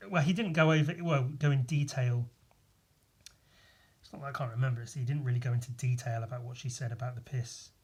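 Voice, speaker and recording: A man's voice: medium pitch, a little mellow. A man hosting a solo podcast, congested, rambling casually with a lot of swearing and self-mockery. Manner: rambling, profane, self-mocking. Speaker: podcast host.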